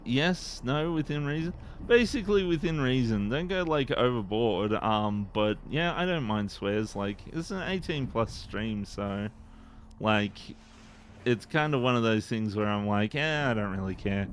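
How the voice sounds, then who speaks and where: Slow-talking Eastern Australian man. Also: medium pitch, lively intonation, slight background noise. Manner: rambling and laid-back, laughs often. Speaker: game streamer. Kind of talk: casual live-stream chat.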